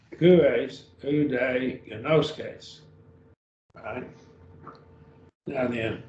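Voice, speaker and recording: A man's voice: mid-range voice, darkish tone, slight background noise. A man teaching a beginning Greek class at a church, patient and often checking whether students follow. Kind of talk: classroom lesson. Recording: dull roomy sound from far off.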